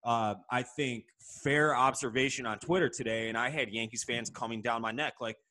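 A man's voice: mid-range voice, fairly even intonation, moderate pace, bright, forceful tone. A man co-hosting a podcast who rants with strong opinions and casual swearing. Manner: opinionated, ranting, profane. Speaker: podcast co-host.

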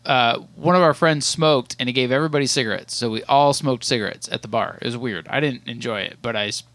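A man's voice: mid-range voice, fast, fairly bright tone, no room sound. A man in his thirties, a podcast co-host telling a long rambling story in casual chat, with many restarts.

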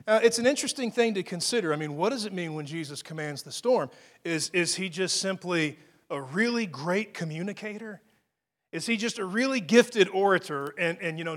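A man's voice: sits high, fairly bright tone. A male pastor giving a sermon in a conversational way, with frequent restarts and casual asides.

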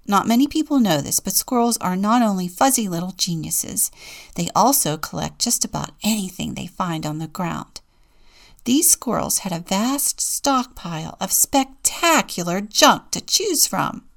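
A woman deacon reading a children's picture book aloud in a playful, expressive way, sometimes dropping to a whisper. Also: medium pitch, creaky.

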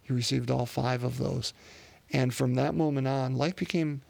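A man's voice: medium pitch, fairly even intonation, normal speed, creaky, a little mellow, dry recording. A man preaching a sermon off the cuff, with plenty of fillers and restarts. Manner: unscripted, many fillers and restarts.

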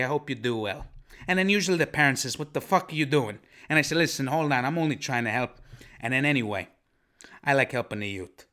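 A man hosting a sports podcast, delivering a comic monologue in a bright, forceful voice. He is brash and profane, and he keeps hammering his points home with a demanding "okay?". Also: medium pitch. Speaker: fantasy football podcast host.

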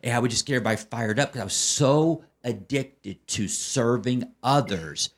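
A man of medium pitch and moderate pace tells his recovery story as a podcast guest. He testifies fervently, like a preacher, constantly checking in with "okay?" and "right?"

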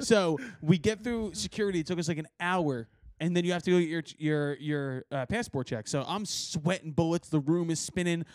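High-voiced man telling a story. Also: moderate pace, few pauses, darkish tone, no room sound, studio quality. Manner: rambling storyteller, laughs often, swears. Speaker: podcast host. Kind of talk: casual podcast chat. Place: rehearsal studio.

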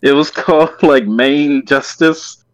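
A man's voice: on the high side, slow, highs cut off. Laid-back, chuckling male podcast co-host. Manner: loose, laughing storytelling with many fillers. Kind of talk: casual podcast chat.

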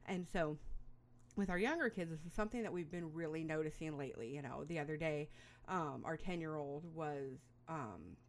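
A middle-aged woman with a notably low, deep speaking voice talks through parenting advice in a relaxed, rambling way. She fills her speech with "you know" and "um," and lets small laughs slip in between her thoughts. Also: moderate pace. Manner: rambling, chatty, with frequent fillers and little laughs. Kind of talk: casual advice monologue.

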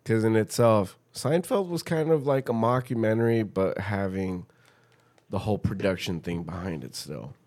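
A man's voice: lowish voice, normal speed, darkish tone. Profane playful male podcast co-host. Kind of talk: casual chat.

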